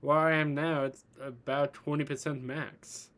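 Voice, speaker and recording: A man's voice: a little high, flat delivery, measured pace, fairly bright tone. A man voicing an earnest, slightly hesitant young male hero in training in a read-aloud fan story.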